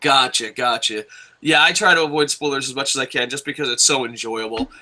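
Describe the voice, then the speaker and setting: A man in his thirties hosting a casual wrestling review, excitable and profane, breaking into jokey shouts. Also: mid-range voice, a little fast. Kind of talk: casual podcast chat.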